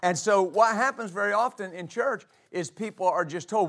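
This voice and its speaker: High-voiced preaching pastor. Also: male voice, moderate pace, fairly bright tone. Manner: preaching with rhetorical questions, reading scripture aloud. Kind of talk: sermon. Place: church.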